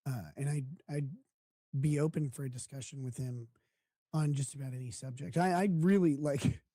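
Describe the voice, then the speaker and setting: Guy hosting a stream, warm dark voice, crude and mocking, laughs a lot, dry close mic. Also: medium pitch, normal speed, dry recording. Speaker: streamer host. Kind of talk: casual live-stream reaction chat.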